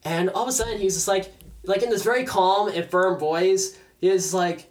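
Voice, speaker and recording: A man's voice: high-pitched, moderate pace. Young man, casual storyteller, laughs a lot and plays out quotes. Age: young adult. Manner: animated, laughing often, acting out quoted voices.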